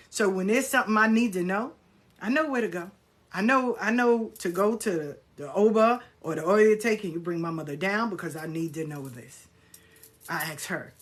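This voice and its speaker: A middle-aged woman chatting casually, bluntly telling stories and acting out the other people's lines. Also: mid-range voice. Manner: blunt, animated, acts out dialogue with swearing. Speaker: spiritual practitioner sharing stories. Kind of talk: casual storytelling chat.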